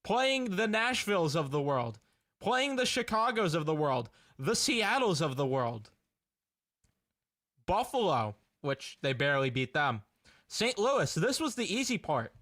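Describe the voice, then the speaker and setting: A man's voice: on the high side, sing-song, a little slow, fairly bright tone. A young man ranting in a casual fan reaction video, exasperated and laughing in disbelief.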